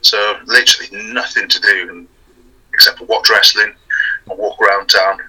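A young man from Wales, a wrestler and strongman guest, chatting casually with a relaxed, laughing manner and many fillers. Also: lowish voice, moderate pace, husky, rough recording. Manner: laid-back, laughs often, hesitant fillers. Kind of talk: casual chat.

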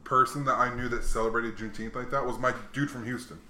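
A man's voice: mid-range voice, fast talker, roomy sound, a crowd in the background. A man hosting a podcast, chatting casually and acting out the people in his stories. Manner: animated storyteller, acts out quoted voices. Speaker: podcast host. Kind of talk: casual chat.

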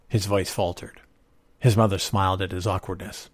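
A man narrating a story in a measured, expressive reading voice. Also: sits low, husky, dry recording, clean studio sound.

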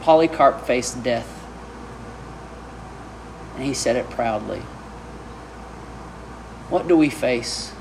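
A man's voice: mid-range voice, takes it slowly, gravelly, pauses often, a little mellow, a little hiss or hum. A middle-aged man from Arkansas, preaching a sermon with emphatic rhetorical questions. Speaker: pastor.

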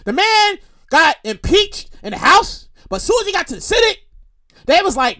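A man hosting his own comedy show, rambling and repeating himself, with animated outbursts. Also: extremely high pitch, normal speed. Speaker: podcast host. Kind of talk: comedic solo monologue.

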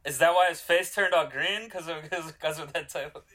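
A man's voice: on the high side, brisk, pushed and bright. A man co-hosting a podcast in casual comedic chat, teasing and often restarting his sentences. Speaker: podcast co-host.

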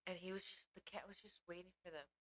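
A woman's voice: fairly low pitch, fairly even intonation, quick pace, a bit bright, poor audio. A young married woman co-hosting a casual podcast, telling stories in a loose, slangy way with lots of "like" and some swearing. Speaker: podcast co-host. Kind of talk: casual chat.

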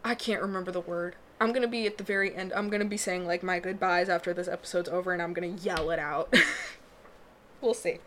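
A woman's voice: lowish voice, steady tone, quick pace, fairly bright tone, slight background noise. A young adult woman hosting a casual solo podcast from a small booth, rambling and breaking off her own sentences, laughing often. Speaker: podcast host.

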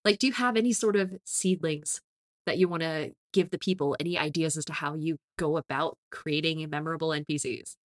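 A woman's voice: sits low, a little fast, no echo, studio quality. A woman co-hosting a casual podcast about tabletop games, talking with energy and laughing often. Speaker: podcast co-host.

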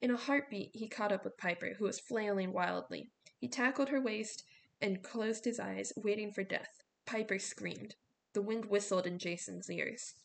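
A woman reading a novel aloud, steady storytelling with small slips. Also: mid-range voice, normal speed, gravelly. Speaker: audiobook reader.

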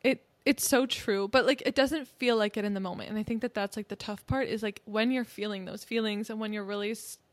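A woman's voice: mid-range voice, fairly even intonation, brisk, few pauses. A woman in her early twenties co-hosting a podcast, rambling casually with many fillers. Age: early 20s. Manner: rambling, filler-heavy, laughs often. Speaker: podcast co-host. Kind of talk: casual chat.

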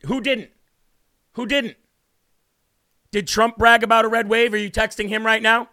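A man hosting a live stream with a high, bright, forceful voice. He delivers fired-up political commentary, speaks straight to his viewers and reads their chat messages out loud. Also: little pitch movement, normal speed, pauses often. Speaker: host of a live online talk show.

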